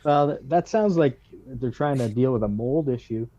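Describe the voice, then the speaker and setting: A man's voice: medium pitch, moderate pace, warm tone, muffled recording. A man as a guest in a casual chat, mostly listening and chiming in with short acknowledgements.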